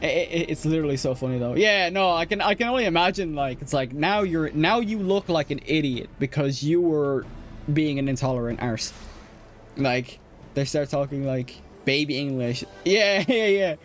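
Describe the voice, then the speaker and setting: While playing a game on stream, a young man from Ireland talks at a moderate pace in a voice on the high side, with a bit of background noise. His casual talk meanders, packed with fillers, false starts and laughs.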